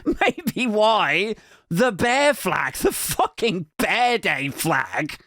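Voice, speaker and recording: A man's voice: high-pitched, big pitch swings, drawn-out words, bright, forceful tone, no room sound, studio quality. A man hosting a comedy podcast, ranting satirically in a mocking tone, swearing, often breaking into laughter. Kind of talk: satirical rant.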